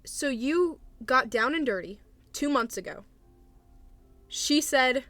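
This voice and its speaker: A woman's voice: high voice, expressive, takes it slowly, long pauses, a bit bright, dry recording, faint music behind. Hesitant, apologetic young woman streamer. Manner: hesitant and apologetic, awkward laughs. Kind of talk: casual livestream advice chat.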